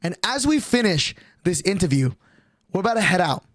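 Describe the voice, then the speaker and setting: A man's voice: high-pitched, big pitch swings, fairly quick, dry recording. A young man streaming, telling a rambling, profane story and acting out quotes in a casual way.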